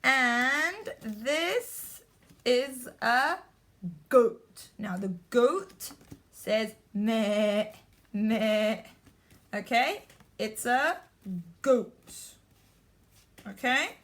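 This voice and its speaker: A woman teacher giving a remote vocabulary lesson to young children, talking slowly with repeated, encouraging prompts. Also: high-pitched, animated, fairly bright tone. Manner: slow, repetitive, encouraging prompts.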